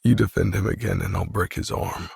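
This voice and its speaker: Man voicing a cold menacing young guy, growly, deep gravel, husky. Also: fairly quick, a little mellow, dry recording, studio quality, exaggerated voice. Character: cold possessive young man, furious, threatening.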